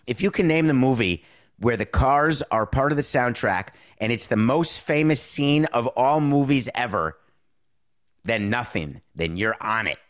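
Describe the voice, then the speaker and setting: A middle-aged man hosts his own show in a loose, opinionated monologue. He is sarcastic and wisecracking, jumping from loud outbursts to low muttered asides. His pitch sits in a middle range for a man. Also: animated, measured pace. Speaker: show host.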